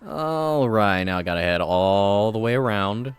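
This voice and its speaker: Male gamer, casual let's-play commentary, low-key, dry humor. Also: expressive, measured pace, clear, resonant tone, faint music behind. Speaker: gamer playing through a story game. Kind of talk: casual gameplay commentary and reading dialogue.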